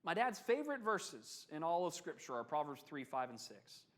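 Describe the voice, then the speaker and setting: Guy teaching a bible class, high voice that swoops all over, chatty, keeps asking the room questions. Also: moderate pace. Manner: animated, conversational, asks the class questions. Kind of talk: adult Bible class lesson.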